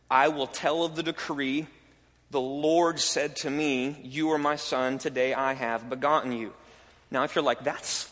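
A pastor delivers his sermon in a voice pitched a bit above the usual for a man. He drives points home with emphasis, then slips into easy, casual asides. His words ring out through a church sanctuary with a long reverb tail. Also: fairly bright tone. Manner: preaching with rising emphasis, conversational asides.

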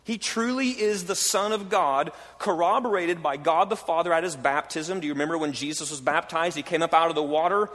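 A pastor delivers his sermon in a voice pitched a bit above the usual for a man. He drives points home with emphasis, then slips into easy, casual asides. His words ring out through a church sanctuary with a long reverb tail. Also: a little fast, few pauses, a bit bright. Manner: preaching with rising emphasis, conversational asides.

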